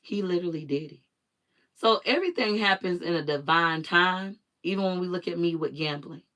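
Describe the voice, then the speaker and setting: A woman's voice: fairly low pitch, normal speed, pushed and bright. A woman hosting her own live stream, telling a personal story in an emphatic, repetitive way with blunt swearing.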